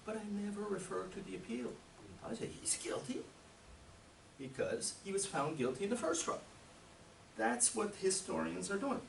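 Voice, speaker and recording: An emphatic man lectures a conference audience, throwing out rhetorical questions with a lively, swooping delivery. His voice sits a little high for a man. He was picked up by a far camera in an echoey hall with faint room ambience. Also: normal speed, gravelly, a little hiss or hum. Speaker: conference speaker.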